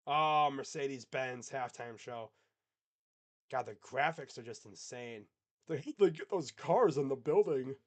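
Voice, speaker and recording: A man doing casual live play-by-play on a reaction stream, chatting with viewers between calls. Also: measured pace. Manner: casual, chatty, reads and answers live chat; excited play calls mixed with low asides. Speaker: sports streamer.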